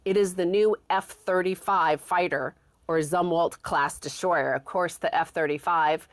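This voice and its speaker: A woman co-hosting a talk show, reading news quotes aloud and explaining them in a measured way. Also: on the low side, fairly even intonation, no echo. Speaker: co-host.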